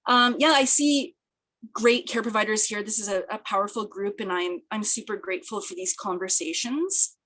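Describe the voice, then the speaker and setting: A speaker, giving an earnest, thoughtful webinar presentation over a video call, slightly hoarse and often restarting phrases. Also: female voice, mid-range voice, moderate pace, a bit bright. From British Columbia, Canada. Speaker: peer project coordinator and presenter. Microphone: video call, camera off.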